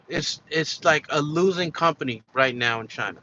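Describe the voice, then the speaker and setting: Man, vlog monologue, emphatic and repetitive, sharp bright voice, slightly muffled lo-fi recording. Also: a little high, moderate pace, slight background noise. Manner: emphatic and repetitive, with many fillers and restarts. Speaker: commentary vlogger. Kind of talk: casual opinion monologue.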